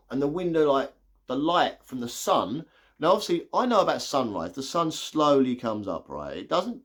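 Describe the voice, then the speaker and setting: A man giving a casual, excitable spoiler review of a movie, retelling scenes with lots of "like". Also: mid-range voice. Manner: chatty, excitable retelling full of "like".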